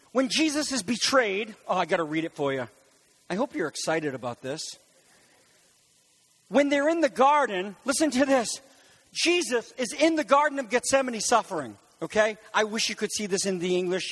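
A man preaching a sermon in an animated way, rising to shouts on key words and making quick asides to his congregation. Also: very high voice. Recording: long hall reverb.

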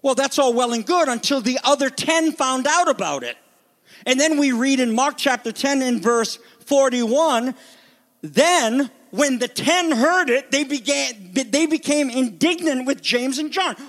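High-voiced animated male preacher. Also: a little slow. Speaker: pastor. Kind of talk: sermon.

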